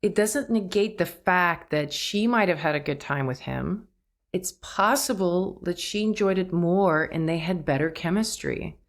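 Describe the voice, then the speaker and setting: A woman's voice: lowish voice, unhurried. A woman hosting a solo podcast, talking reflectively, laughing at herself and acting out quoted thoughts. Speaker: podcast host.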